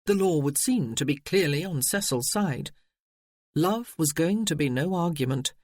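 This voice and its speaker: A man reading a novel aloud in steady audiobook narration. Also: a little high, normal speed, no echo, studio quality.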